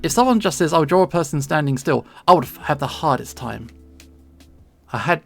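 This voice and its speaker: London-accented streamer, casual and self-deprecating, gravelly fry, soft music underneath. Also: medium pitch, animated, fairly quick. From England. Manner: chatty, rambling, self-deprecating, laughs often. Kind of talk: casual chat while drawing. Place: home streaming setup.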